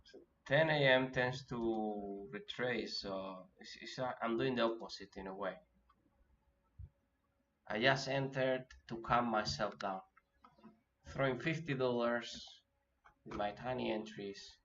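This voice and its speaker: A man giving live commentary as he day trades, thinking aloud and talking himself through his nerves with halting restarts. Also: mid-range voice, fairly bright tone. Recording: dull lo-fi audio with faint noise.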